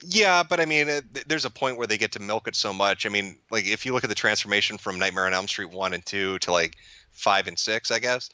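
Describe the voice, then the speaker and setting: A man's voice: fairly low pitch, brisk, pushed and bright, clear, resonant tone, no room sound. Dry-voiced man rambling with profane humor. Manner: profane, rambling, stammers on restarts; amused, laughs while talking. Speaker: guest. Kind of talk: casual chat.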